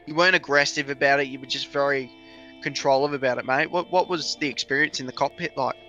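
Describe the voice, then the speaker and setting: A man with an Australian accent, a sim racing commentator chatting with a driver in a loud, matey way. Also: medium pitch, steady tone, fast, dull audio, soft background music. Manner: boisterous, matey, laughs often. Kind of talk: live race commentary chat.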